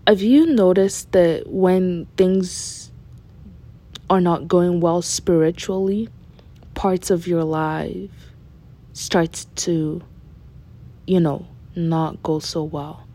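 A woman's voice: fairly low pitch, steady tone, very slow, pauses often, mellow. A woman hosting a personal devotional talk, speaking earnestly and candidly and repeating phrases for emphasis. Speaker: faith podcast host.

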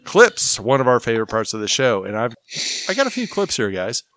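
A man's voice: mid-range voice, sing-song, a little fast, a bit bright, no room sound. A man co-hosting a movie podcast, introducing clips in casual chat, hesitant and searching for words. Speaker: podcast co-host running the clips.

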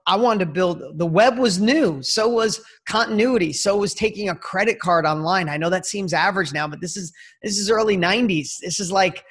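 A man in his fifties, a podcast guest, telling a personal story in an energetic, slangy way and talking straight to the host. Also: high voice, moderate pace, slightly rough. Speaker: interview guest. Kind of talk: casual storytelling.

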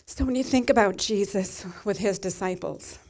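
A woman's voice: medium pitch, moderate pace, a little mellow. A middle-aged woman pastor giving a sermon, telling a personal story in a tender, emotional way.

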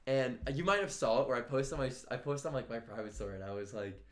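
A young man co-hosting a podcast, telling stories in casual, profane, animated chat. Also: mid-range voice, fast talker, echoey room. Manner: swears a lot, animated storytelling with laughs. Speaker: podcast co-host.

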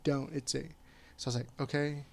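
A man guest telling a personal story in casual conversation, candid and quick to swear, often quoting what others said. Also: mid-range voice, little pitch movement, vocal fry.

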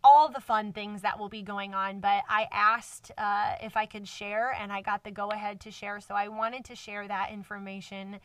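A woman's voice: medium pitch, flat delivery, normal speed, few pauses, fairly bright tone, no echo, distant mic. A woman hosting a casual faith podcast alone, talking earnestly and effusively with many fillers, close to tears, into a microphone set in a cardboard box. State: emotional. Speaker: podcast host.

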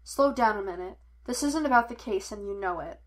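A woman voicing a weary, steady older father who is a former cop, speaking in a measured, firm and patient way. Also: medium pitch, lightly acted.

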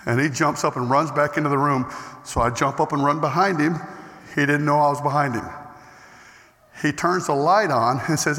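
A man preaching a storytelling sermon in an animated way, swinging between loud outbursts and hushed tones. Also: on the high side, moderate pace, long reverb tail.

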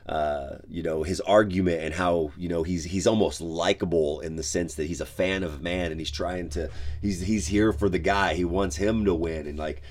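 A pastor talks through his faith in an easygoing podcast style, his voice sitting very low. He speaks in a loose, conversational way, padding his thoughts with "like" and "you know." The feel is of a man chatting rather than preaching from a pulpit. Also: fairly even intonation, moderate pace. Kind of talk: casual devotional podcast talk.

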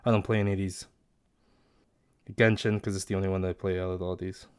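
A man's voice: low voice, little pitch movement, quick pace, clear, resonant tone, no room sound, clean studio sound. A young man chatting casually and reading quiz options aloud, swearing now and then. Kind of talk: casual chat doing online quizzes.

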